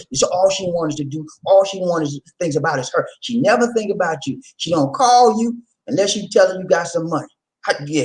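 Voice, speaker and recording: A man hosting a vlog, talking casually to his viewers in an animated, laughing, rhetorical way, repeating his points often. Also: high voice, rough recording. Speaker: vlog host.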